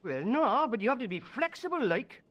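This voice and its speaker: A cheeky, boozy Geordie football fan in a video game. His voice sits high and swings all over the place. He is loud, matey and slurring. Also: big pitch swings, normal speed, exaggerated voice. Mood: boozy banter.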